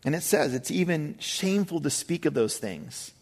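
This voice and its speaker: A man's voice: fairly high pitch, expressive, normal speed. Conversational male pastor preaching. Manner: conversational, emphatic, frequent asides. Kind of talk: sermon.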